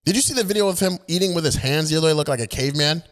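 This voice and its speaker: A man's voice: a little high, very fast. Indignant male political commentator. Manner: emphatic, indignant, repeats himself with restarts.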